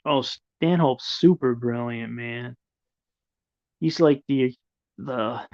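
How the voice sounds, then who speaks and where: A man's voice: mid-range voice, no room sound, highs cut off. A middle-aged man hosting a livestream, chatting casually with viewers in a rambling, profane way. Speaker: livestream host. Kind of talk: casual live chat, answering viewers.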